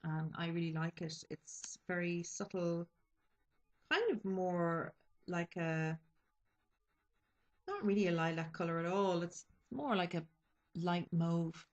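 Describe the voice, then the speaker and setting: A woman's voice: on the low side, slow, pauses often, poor audio. A young woman vlogger talking casually about her makeup picks, hesitant and full of ums and restarts. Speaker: beauty vlogger. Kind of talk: casual makeup chat to camera.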